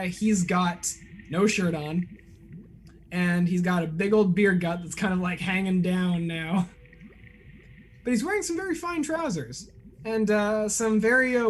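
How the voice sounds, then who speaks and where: A man's voice: high-pitched, a little slow, faint music behind. A man narrating a tabletop game as game master, describing scenes loosely with frequent "like" and "uh".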